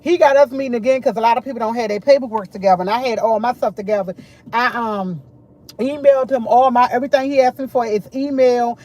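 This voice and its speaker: A middle-aged woman chatting casually to camera, full of animated retellings of what others said. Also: on the high side, quick pace. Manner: animated, quotes others a lot. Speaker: vlogger.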